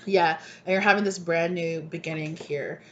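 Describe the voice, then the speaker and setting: Over a dull lo-fi recording with faint hiss, a tarot reader channels a collective reading, gushing and rambling while repeatedly checking "right?" Her pitch is fairly low, her tone steady, and her pace normal.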